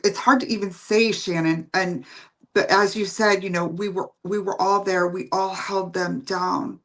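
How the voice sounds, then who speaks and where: A woman hosting an interview, speaking gently and haltingly as she searches for words. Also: mid-range voice, steady tone. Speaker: host. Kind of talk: interview talk.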